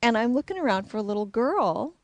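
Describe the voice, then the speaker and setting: A woman's voice: on the high side, lively intonation, a little fast, dry recording. Middle-aged woman, frank and reflective storyteller, dry close recording. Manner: candid, reflective. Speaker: intuitive, psychic. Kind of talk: personal storytelling.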